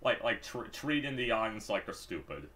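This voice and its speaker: A man's voice: fairly low pitch, sing-song, moderate pace, bright, forceful tone, slight background noise. A man reviewing and playing a children's DVD game, talking casually with heavy sarcasm and lots of fillers. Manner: sarcastic, mock-puzzled, many fillers. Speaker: YouTube reviewer. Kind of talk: casual gameplay commentary.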